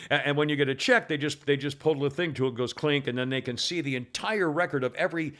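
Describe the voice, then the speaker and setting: An older American man hosts a casual talk show in a slightly high, animated voice. He rambles through stories with frequent stumbles and restarts, mocking himself along the way. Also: fast. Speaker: radio show host.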